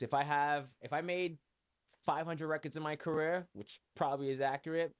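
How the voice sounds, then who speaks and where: A man's voice: a little high, lively intonation, moderate pace. Profane New York man musing on his podcast. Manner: loose, profane and rambling, with lots of fillers. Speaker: podcast host and music producer. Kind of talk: casual solo podcast talk.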